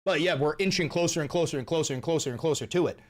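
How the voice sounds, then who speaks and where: Young male streamer, slightly high voice, angry, swearing rant that repeats itself. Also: very fast. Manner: angry, profane, repetitive. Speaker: livestream host. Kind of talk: political livestream rant.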